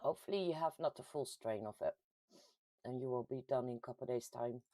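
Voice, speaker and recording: A woman from the Netherlands with a Dutch accent hosts a casual livestream, reading out viewer comments in a chatty, giggly way with sudden lively jumps in pitch. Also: quick pace, dry recording. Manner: chatty and giggly, with frequent laughs and ums. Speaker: host of a paranormal community livestream.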